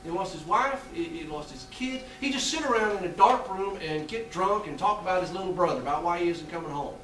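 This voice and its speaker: A man performing a theatrical monologue on a small theatre stage, telling a confessional story with halting restarts. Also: sits high, animated, fairly bright tone, a little hiss or hum. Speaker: stage actor playing a death row inmate. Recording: roomy theatre sound from a distant mic.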